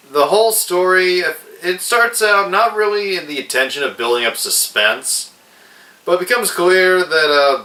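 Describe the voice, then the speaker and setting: A man reviewing a film in a casual, hesitant way, pausing often with fillers. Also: medium pitch, bright, forceful tone. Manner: slow, hesitant, with many fillers. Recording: roomy echo, distant mic.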